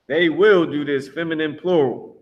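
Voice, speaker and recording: A man teaching a live online language class, drawing out drilled words slowly and talking bluntly. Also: fairly high pitch, dull audio. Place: Philadelphia.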